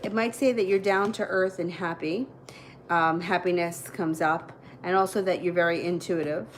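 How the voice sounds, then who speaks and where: This tarot reader chats casually through live readings, filling her explanations of viewers' questions with fillers. Her fairly low voice keeps a fairly even intonation at a moderate pace. The recording is rough, with slight background noise.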